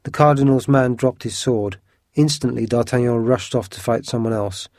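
A man narrating a classic adventure story in an even, measured storytelling manner. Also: medium pitch, no echo, studio quality. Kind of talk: storybook reading.

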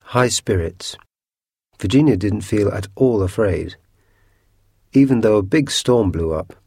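A man narrating a storybook chapter with steady, clear storytelling. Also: fairly low pitch, unhurried, no room sound, clean studio sound. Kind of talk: storybook reading.

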